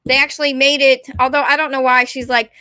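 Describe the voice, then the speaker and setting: A woman's voice: high-pitched, little pitch movement, fairly quick, sharp tone, clear, resonant tone, dry recording, studio quality. A young woman, ranting casually and rambling, often apologizing and putting herself down. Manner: rambling, apologetic, self-deprecating. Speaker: vlogger.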